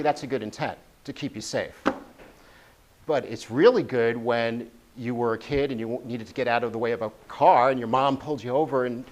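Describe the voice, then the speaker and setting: A man's voice: mid-range voice, slight background noise. A man giving a prepared motivational speech at a speaking club, earnest and repeating key phrases for emphasis.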